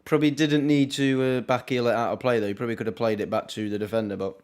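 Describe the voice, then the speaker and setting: A young English watchalong streamer commentates live on a football match for his viewers, keeping it casual and chatty. Between passages of play he drops wry asides and quick reactions, speaking in an ordinary mid-pitched voice with a darkish tone and fairly even intonation.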